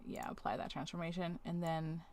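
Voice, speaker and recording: Brisk and level in tone, a woman streamer with a lowish, darkish voice talks to herself in casual chat while doing a task. She scolds the objects on her screen and then apologizes; her webcam setup adds a little hiss or hum.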